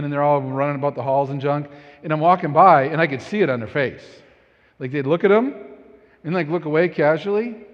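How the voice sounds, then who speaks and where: A man in his thirties preaching a sermon as a casual, self-deprecating story about his own blunders. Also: a little high. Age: 30s. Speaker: pastor. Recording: dull audio in a reverberant hall.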